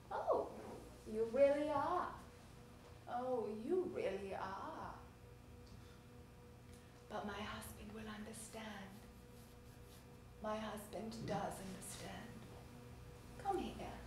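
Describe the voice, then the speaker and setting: A coquettish married woman caught up in a lover's game, as an actress plays her on stage. Her high voice drifts slowly from far across the room. The words ring in a big, echoey theater, with a faint hiss underneath. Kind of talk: live stage play.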